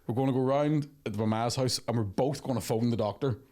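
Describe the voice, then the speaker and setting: A man's voice: mid-range voice, fairly quick. A man hosting a podcast, telling a story in casual, profane chat and acting out the voices of the people in it. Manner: profane, animated storytelling with acted quotes. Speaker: podcast host.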